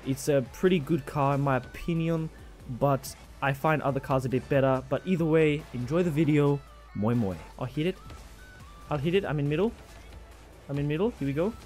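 A man impersonating a male gaming YouTuber with a soft, low, mumbled delivery. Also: fairly quick, long pauses, soft background music, close to an everyday voice. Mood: calm. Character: quiet, low-voiced male gamer YouTuber.

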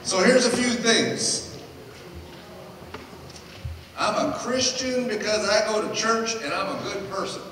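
A middle-aged man, a pastor, preaching in a lively, joking way and acting out the people in his stories. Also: high-pitched, slow, long pauses. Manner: animated, jokey storyteller acting out quotes. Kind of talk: sermon with storytelling. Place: church hall. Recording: echoey hall, distant mic, noisy.

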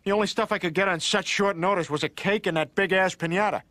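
An actor playing a dim-witted, loud middle-aged cartoon father with a blustery, slow-witted delivery. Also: high voice, no echo. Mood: goofy. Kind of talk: animated sitcom acting.

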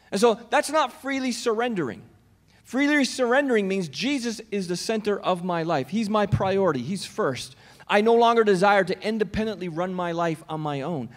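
Male pastor with a high voice, preaching conversationally to his congregation; church hall with a long reverb tail. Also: animated, normal speed, pauses often. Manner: conversational, questions the congregation directly. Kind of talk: sermon. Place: church auditorium.

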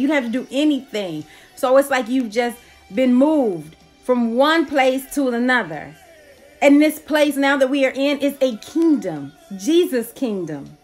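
Faint worship music plays as a devotional reader goes through the day's devotional and adds her own commentary. She's quick, exclamatory, and laughs often, with a high voice.

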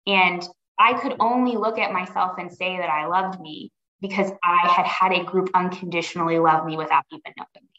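A woman's voice: fairly low pitch, steady tone, normal speed, bright, forceful tone. A woman guest on a podcast, speaking earnestly and reflectively, often restarting her sentences. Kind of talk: conversational interview. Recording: roomy, dull lo-fi sound.

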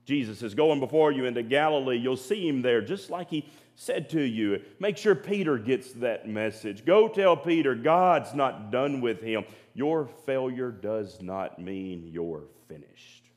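Earnest preacher man, mid pitch. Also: animated, unhurried. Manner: earnest, repeats words, drops to quiet emphasis. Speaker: pastor. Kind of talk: sermon. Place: church sanctuary.

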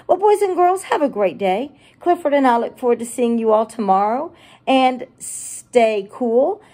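A preschool teacher reading a picture book aloud to young children, animated and gushing as she talks to them. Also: fairly high pitch, unhurried.

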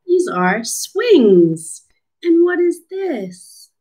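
A woman with a swooping, animated pitch reads a picture book aloud at a very slow pace, sounding like a patient speech therapist. She teaches as she goes, pausing to quiz and coach the young listeners; the recording quality is rough.

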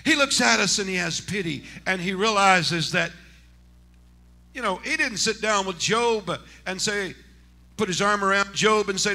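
High, bright-voiced preaching man. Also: unhurried. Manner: preaching that swings between hushed talk and shouted exclamations. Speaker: senior pastor. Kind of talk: Pentecostal sermon. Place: church sanctuary.

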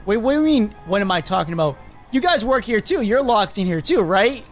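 A man's voice: high-pitched, animated, fairly quick, loud music behind the voice. A man voicing a confused, anxious young man trapped in a fox costume, rambling in a Minecraft role-play. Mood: baffled. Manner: rambling, anxious, restarts a lot.

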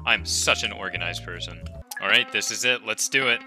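A man giving excitable gameplay commentary, breaking into loud shouts, laughter and playful beep noises. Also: fairly low pitch, moderate pace. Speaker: gaming video creator. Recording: clear background music. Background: background music.

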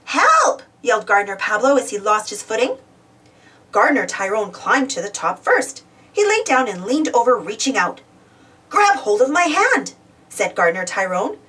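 A woman reading a children's storybook aloud with expressive, lively narration. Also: medium pitch, fairly quick. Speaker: storybook reader. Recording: voice distant from the mic.

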